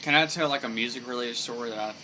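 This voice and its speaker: A man's voice: mid-range voice, quick pace. A young man chatting casually on a podcast, eager and hedging his words with "like" and "uh". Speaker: podcast guest. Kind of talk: casual chat. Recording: noticeable background noise.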